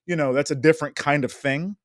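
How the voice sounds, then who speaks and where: A man's voice: on the high side, quick pace, no echo, studio quality. A man co-hosting a podcast, chatting casually about a reality show in a wry, exasperated way and swearing now and then. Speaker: podcast co-host. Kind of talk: casual reality-TV recap chat.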